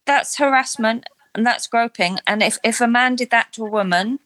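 A woman with a slightly high, fairly bright voice talks at a normal speed, with no room sound behind her. She co-hosts a podcast, chatting casually about a reality show with opinions and self-deprecation. She isn't from Australia.

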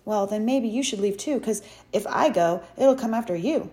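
A woman's voice: mid-range voice, normal speed, dark tone, natural voice. A woman voicing a frightened young boy close to tears, pleading in a raised, panicky voice. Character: frantic, scared young boy near tears.

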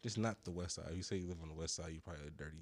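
A man rambles through a long story in casual podcast talk. He curses freely, uses a lot of slang, and sounds high. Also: rapid-fire. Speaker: podcast co-host. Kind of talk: casual chat.

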